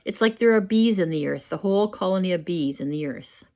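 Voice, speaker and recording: Older woman, lowish voice, reads her own book at home, measured and expressive. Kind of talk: first-person story reading. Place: home, with a pet dog nearby.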